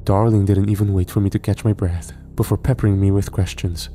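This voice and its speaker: A man narrating a horror story in a measured storytelling manner. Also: low voice, flat delivery, dark tone, faint music behind.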